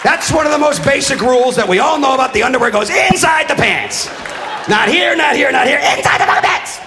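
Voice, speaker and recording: A middle-aged man doing a profane stand-up comedy routine on stage, ranting loudly and acting out the people in his stories. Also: very high-pitched, animated, fairly quick, over music. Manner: loud, ranting, profane, acts out characters. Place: comedy stage before a live audience. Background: crowd laughing.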